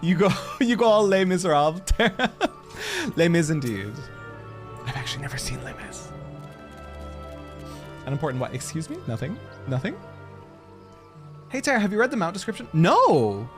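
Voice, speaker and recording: Animated, higher-voiced male streamer. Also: normal speed, pauses often, over music. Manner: swears and laughs often, chats with viewers. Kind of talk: casual live-stream chat while gaming.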